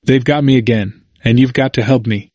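A man's voice: mid-range voice, steady tone, brisk, darkish tone, no echo, studio quality, close to an everyday voice. A man voicing a confused, frightened old man. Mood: pleading. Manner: emphatic, repetitive, plain-spoken dialect. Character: confused, frightened older man, pleading and defiant.

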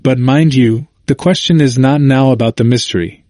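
A man's voice: mid-range voice, normal speed, warm tone, dry recording, studio quality. Earnest man reading a sermon aloud. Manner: earnest, emphatic, rhetorical questioning. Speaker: sermon reader.

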